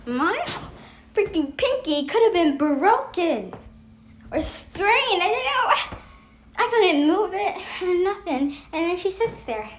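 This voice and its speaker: A woman's voice: high voice, a little hiss or hum. A young woman telling a rambling storytime, with lots of fillers and frequent laughs. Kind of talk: casual storytime vlog.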